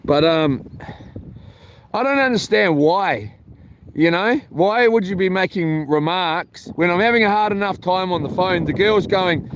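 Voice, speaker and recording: A man rambles through a casual camping-vlog story, often stopping and restarting his sentences. His voice sits a little high for a man. Faint outdoor noise runs underneath. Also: lively intonation, measured pace. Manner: chatty, meandering, frequent ums and restarts. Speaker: vlogger. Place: camping, near a boat on water.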